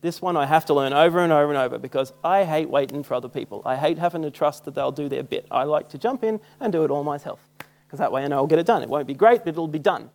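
A man's voice: a little high, fast talker, gravelly. Self-mocking Australian man preaching. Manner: casual, self-mocking storyteller who acts out quotes. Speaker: church speaker. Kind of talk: sermon with personal stories.

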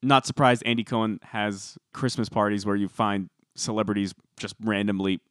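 A man's voice: on the low side, flat delivery, normal speed, dry recording. Dry-voiced gossipy male podcast host. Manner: chatty, gossipy, reads quotes aloud. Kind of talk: casual chat.

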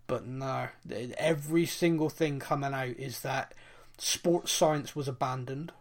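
A man from England hosting a football podcast and chatting casually. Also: fairly high pitch. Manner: animated, quick asides. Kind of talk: casual chat.

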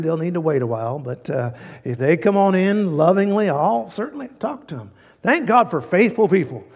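A male pastor preaches with a folksy, fervent delivery and keeps repeating his key phrases. His voice sits somewhat high for a man. A long reverb from a big church sanctuary trails every word. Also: a little mellow. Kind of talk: sermon.

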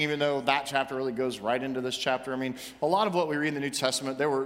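Pastor, male, high-pitched, animated sermon delivery, long hall reverb. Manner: animated, acts out scripture voices, shouts for emphasis.

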